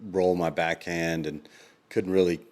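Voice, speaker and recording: A man co-hosting a podcast in casual chat, rambling with lots of ums and quick laughs. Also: deep voice, little pitch movement, darkish tone. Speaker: podcast co-host.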